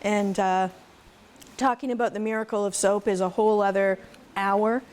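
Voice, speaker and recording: A woman's voice: medium pitch, fairly even intonation, moderate pace, darkish tone. Chatty middle-aged woman speaker. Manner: chatty, laughing, storytelling with faith asides. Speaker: conference speaker, goat farmer. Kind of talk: casual talk to a live audience.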